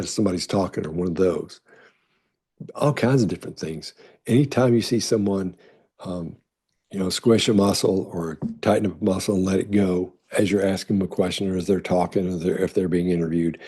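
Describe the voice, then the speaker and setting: Low, husky man, casual rambling Q&A host explaining body language. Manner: rambling, conversational, lots of restarts and fillers; reads out questions in a brighter voice. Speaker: body language expert answering viewer questions.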